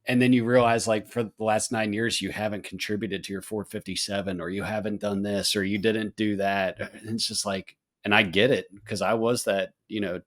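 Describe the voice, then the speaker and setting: A man's voice: fairly low pitch, fairly even intonation, moderate pace, hardly any pauses, a bit bright. A man hosting a podcast and speaking as a firefighter training officer, talking earnestly in a rambling casual way with many restarts.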